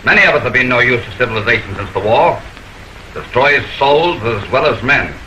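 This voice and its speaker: An actor in an early sound film playing a weary legionnaire who speaks gravely and in a measured way. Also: male voice, mid-range voice, animated, sharp tone, a little hiss or hum, poor audio.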